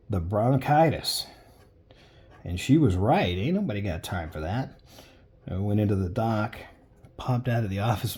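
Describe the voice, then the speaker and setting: Offering casual commentary while he draws, this man rambles off into jokey tales as the sketch takes shape. He speaks on the low side, warm-toned with a breathy edge.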